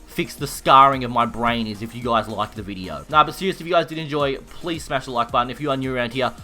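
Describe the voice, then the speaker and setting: A young Australian man telling a story in a rowdy, profane, animated way. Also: medium pitch, quick pace, faint music behind. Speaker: YouTuber. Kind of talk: casual storytelling while gaming.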